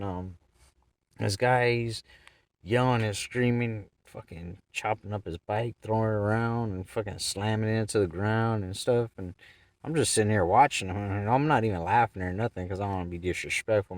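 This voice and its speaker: Profane low-voiced man telling a story. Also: darkish tone, no echo, studio quality, distant mic. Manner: profane, rambling, acts out the people he quotes. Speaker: vlogger. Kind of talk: casual storytelling vlog. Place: in his car.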